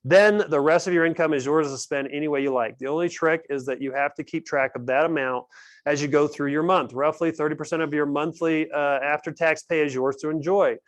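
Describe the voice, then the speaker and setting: A man's voice: on the high side, steady tone, fairly quick, dry recording. A man hosting a casual team meeting on budgeting, calling on people by name. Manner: upbeat, calls on people by name. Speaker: host of a team finance meeting. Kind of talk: casual group discussion.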